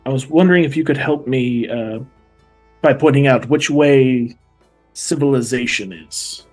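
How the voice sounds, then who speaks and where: A man putting on a polite, halting voice for his stranded character, who stammers as he asks for help. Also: medium pitch, very animated, a little mellow, slightly rough, soft background music. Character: polite stranded young man asking wolves for directions.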